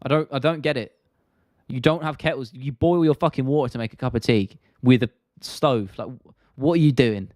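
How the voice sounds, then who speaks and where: A man's voice: medium pitch, a little fast, a little mellow, dry recording, studio quality. A young British man hosting a live stream, chatting casually and answering viewer questions in a laid-back, rambling, slangy way.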